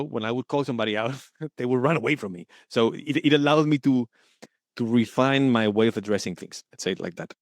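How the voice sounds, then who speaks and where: A man's voice: medium pitch, no echo. Earnest thoughtful man, dry sound. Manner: earnest, thoughtful, searching for words. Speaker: guest coaching supervisor. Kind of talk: reflective interview talk.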